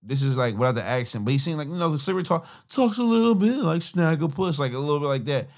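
Animated, laughing man reacting to songs. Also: a little high, quick pace. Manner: profane, laughing, rambling slang. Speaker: podcast host reacting to music. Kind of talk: casual reaction commentary.

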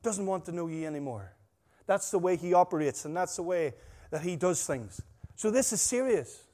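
A man preaching a sermon, emphatic and full of stories, his volume swinging between loud stresses and quiet asides. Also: high voice, expressive, moderate pace. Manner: emphatic, storytelling, rising and dropping volume. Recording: long hall reverb.

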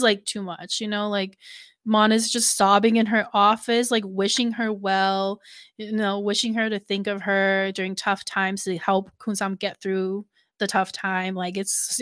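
Laughing a lot and dropping "like" constantly, this woman co-hosts a reaction show and animatedly walks through a series scene. The recording is dry and studio quality, her pitch medium.

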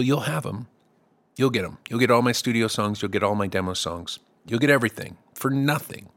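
This middle-aged man hosts his own music podcast and, as a songwriter, chats in a casual, comic, meandering monologue, trying on playful voices for fun. His mid-range voice has a fairly bright tone.

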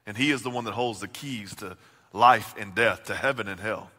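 A man preaching a sermon, swinging from loud, emphatic lines to hushed, intimate questions. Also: lowish voice, normal speed. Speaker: pastor. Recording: long reverb of a large hall.

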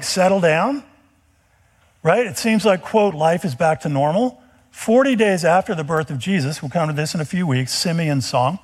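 Male pastor, high voice, energetic storyteller who acts out the scenes in a sermon. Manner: animated storytelling, acting out dialogue.

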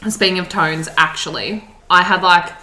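A young woman chats loosely on a podcast, piling up fillers and dropping the occasional swear. Her voice sits low for a woman but sounds bright and forceful, and the room around her echoes. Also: steady tone, moderate pace. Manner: chatty, swears, lots of "like" fillers. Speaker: podcast co-host. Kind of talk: casual chat.

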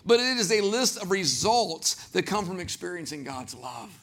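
Man, Southern accent, pastor, sermon, high voice, bright and forceful, animated. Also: moderate pace. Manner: animated preaching, acts out quoted voices.

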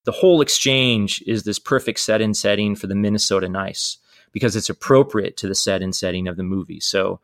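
Guy cohost breaking down dialogue, lowish voice, dry sound. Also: brisk, no echo. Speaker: podcast co-host. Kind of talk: analytical discussion.

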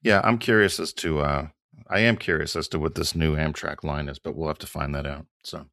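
A man's voice: a bass voice, fairly even intonation, fairly quick, a bit bright, no echo, studio quality. A man hosting a casual chat show, reacting to his co-host and reading out news stories. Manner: reacts with exclamations, then reads out news stories. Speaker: podcast host.

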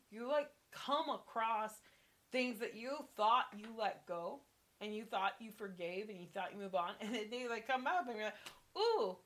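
A woman's voice: a little high, fairly bright tone. A woman co-hosting a podcast, telling a personal story in a candid, reflective way. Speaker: podcast co-host. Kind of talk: casual chat.

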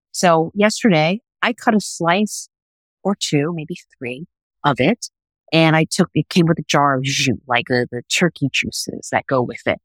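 A middle-aged woman, a food TV producer, telling a lively story as a podcast guest on a remote call. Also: low voice, dry recording, low-quality recording. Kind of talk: casual podcast interview.

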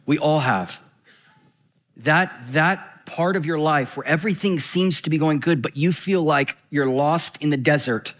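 A man preaching a sermon in a conversational, animated way, slowing down to read scripture and speeding up for quick asides. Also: a little high. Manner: animated, swings between slow scripture reading and quick asides; conversational, frequent "right?" and "like".

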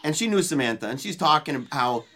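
A guest at a book launch sharing an emotional personal story in a loose, heartfelt way, dropping to a hushed voice at tender moments. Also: mid-range voice, lively intonation, fast. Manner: earnest and emotional, dropping to a hushed voice when retelling words of comfort; loose spoken style with restarts and colorful phrases. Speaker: guest speaking at a book release party.

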